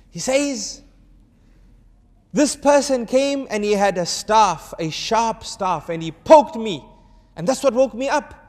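A man preaching to an audience, telling a story and acting out its dialogue with animated shifts of voice. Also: high-pitched, big-room sound. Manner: urges the audience to answer. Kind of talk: storytelling sermon.

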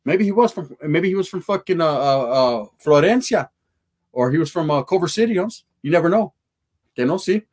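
A man's voice: a little high, animated, brisk, a little mellow. A man hosting a casual livestream, reading viewer comments aloud in profane street slang mixed with Spanish words. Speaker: livestream host.

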